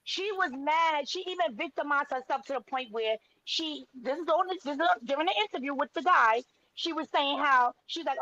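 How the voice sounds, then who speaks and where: A woman's voice: high voice, fairly quick, hardly any pauses, bright, forceful tone, lo-fi sound, a little hiss or hum. A woman co-hosting a casual gossip chat, retelling a story and acting out what people said, often breaking in with "wait, wait". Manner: retells stories acting out quotes, frequent "wait" interjections. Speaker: podcast co-host.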